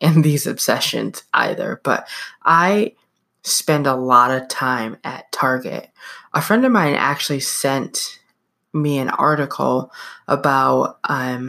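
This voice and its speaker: A young adult woman talks through a personal story as a podcast host. Her voice sits low, and she takes her time over the words. She sounds chatty and loose, with lots of fillers. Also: fairly bright tone. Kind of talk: casual storytelling monologue.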